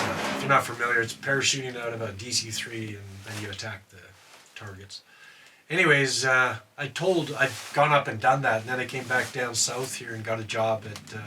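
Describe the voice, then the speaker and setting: Speaking fairly quickly at medium pitch, a retired wildland firefighter from Canada, now older, meanders through a casual story. Fillers and acted-out quotes pepper his telling, recorded from a distance with constant background noise.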